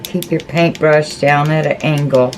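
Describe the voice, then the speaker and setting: A woman's voice: deep voice, fairly even intonation, unhurried, slight background noise, rough recording. A woman chatting casually through a craft tutorial, folksy and talking to herself as she paints. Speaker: crafting vlogger.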